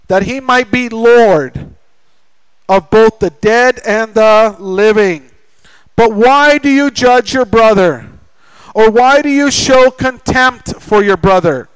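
An American man preaching a sermon as pastor, lively and acting out the voices of people he describes. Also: sits high, slow, clean tone, no room sound, low-quality recording.

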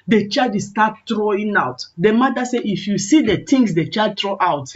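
A woman evangelist preaches a sermon, sharing a testimony with acted-out quotes and fervent, repetitive calls in prayer. Her voice is medium in pitch with big swings, moving at a moderate pace with hardly any pauses. Heavy background noise sits under muffled, lo-fi online call audio.

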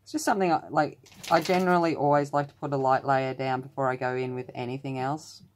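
A woman's voice: extremely low pitch, steady tone, fast talker, a little hiss or hum. An Australian woman hosting her own colouring channel, chatting casually as she works, wandering into rambling, self-deprecating asides, from a room at home. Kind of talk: casual tutorial chat while colouring. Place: room at home with the door closed.

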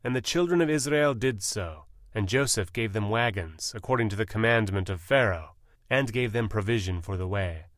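A man narrating a scripture audiobook in a slow, measured, solemn reading style, close on the mic. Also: fairly low pitch, no room sound.

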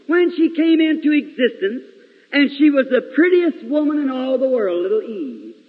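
A man preaching a sermon in a large church, storytelling dramatically with sudden swings between loud and hushed delivery. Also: very high voice, breathy edge. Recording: lo-fi 1950s reel recording, long hall reverb.

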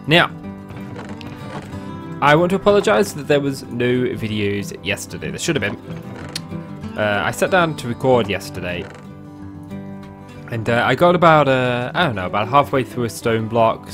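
Chatty man narrating a game over guitar music. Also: mid-range voice. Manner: chatty and rambling, with fillers and asides. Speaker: Minecraft let's play host. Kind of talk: casual gameplay commentary. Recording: faint guitar music behind.

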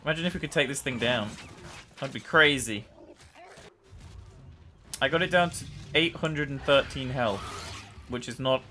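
A young man casually commenting on his own gameplay, chatty and excitable, often breaking into yells and laughter. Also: mid-range voice, normal speed, pauses often, slight background noise. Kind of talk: casual let's-play commentary.

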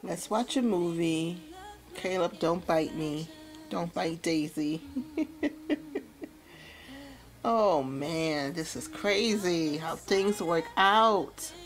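A woman's voice: on the low side, slow, soft background music. A woman hosting a gameplay video, chatting playfully and casually with slangy asides. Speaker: let's play host.

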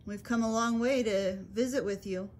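A woman paranormal investigator calmly and persistently asking questions of spirits during a ghost hunt. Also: on the high side, moderate pace. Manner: calm, coaxing, persistent questions.

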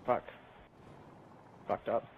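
A man's voice: extremely slow, phone-quality sound, slight background noise. A young man casually telling a rambling, profane story while playing a game with friends. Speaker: channel host.

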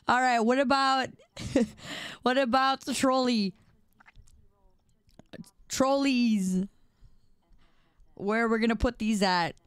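A woman's voice: fairly high pitch, fairly even intonation, takes it slowly, long pauses, clean tone, no echo. A woman streamer chatting playfully with her viewers, repeating words in a sing-song drawl. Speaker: livestreamer. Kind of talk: casual live-stream chat.

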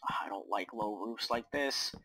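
A young man plays through a game and comments as he goes, at a slow, drawn-out pace. He mutters under his breath when nervous and bursts into panicked yells when things go wrong, swearing freely. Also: fairly low pitch, a little hiss or hum, poor audio. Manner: jumpy, swings from hushed muttering to panicked yelling, swears a lot. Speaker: gamer.

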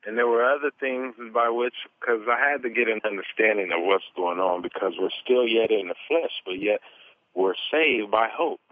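A man giving an earnest, animated testimony as an interview guest, telling his story at length. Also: on the low side, moderate pace. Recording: tinny phone line.

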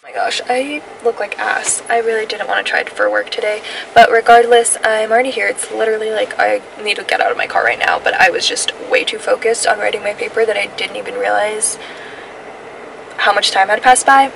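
Woman, twenties, vlogger, casual chat, bright tone, gushing, drawn-out emphasis. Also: medium pitch, fairly even intonation, vocal fry, a little hiss or hum, poor audio. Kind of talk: casual vlog talk to camera. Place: inside a parked car and at home.

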